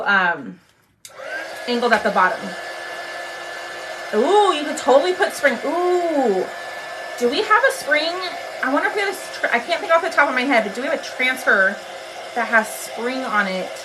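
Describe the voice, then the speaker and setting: A woman's voice: a little high, noisy background. A woman hosting a casual crafting livestream, chatting and greeting viewers by name.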